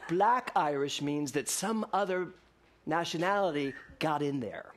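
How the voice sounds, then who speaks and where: A male minister giving a sermon in a lively storytelling way, mixing laughter and rhetorical questions for his congregation. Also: on the high side, moderate pace, a little hiss or hum.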